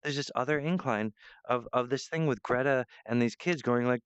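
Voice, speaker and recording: A man's voice: medium pitch, normal speed, clear, resonant tone, no room sound, lo-fi sound. A man rambling in a monologue to camera, meandering, restarting often and breaking off to apologize. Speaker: vlogger.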